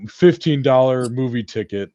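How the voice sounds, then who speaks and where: A man's voice: medium pitch, expressive, moderate pace, mellow, no echo. A man hosting a podcast, chatting casually and jokingly about movies and often restarting his sentences. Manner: chatty, jokey, trailing restarts. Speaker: podcast host. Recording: dull dry lo-fi sound.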